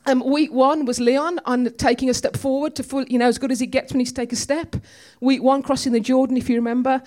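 A preacher with a high yet darkish, steady voice speaks briskly as she tells stories in her sermon at church. She keeps things chatty and laced with humor.

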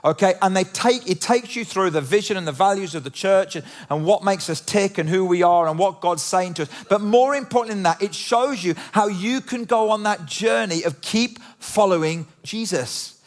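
A man preaching a sermon in a church, animated and conversational, full of rhetorical questions. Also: high voice, normal speed, hardly any pauses. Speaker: pastor. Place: church auditorium.

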